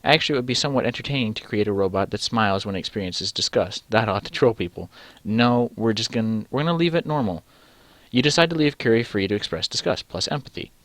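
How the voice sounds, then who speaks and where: Low-voiced young man reading a text game aloud. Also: quick pace, fairly bright tone, dry recording. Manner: rambling, self-interrupting, swears casually. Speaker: let's-play host.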